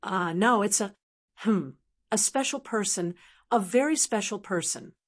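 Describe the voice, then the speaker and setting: A woman's voice: mid-range voice, animated, measured pace. A woman voicing a hesitant, flustered young male commander who stammers as he explains.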